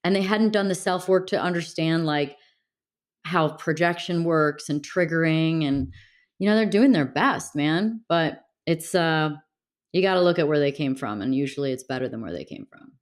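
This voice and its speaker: A woman's voice: deep voice, normal speed. A woman guest speaking candidly and reflectively in a casual interview, with many fillers and restarts. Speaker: podcast guest.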